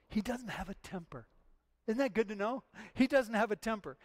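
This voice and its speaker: High-voiced preaching pastor. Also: male voice, expressive, normal speed. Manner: earnest, emphatic preaching with repetitions. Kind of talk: sermon.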